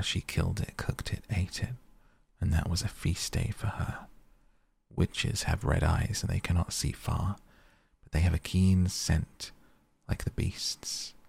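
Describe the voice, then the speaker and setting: A man reading a fairy tale aloud in a soft bedtime storytelling voice, at times half-whispered. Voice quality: gravelly, breathy low voice. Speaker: sleep podcast reader. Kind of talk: softly spoken bedtime storytelling.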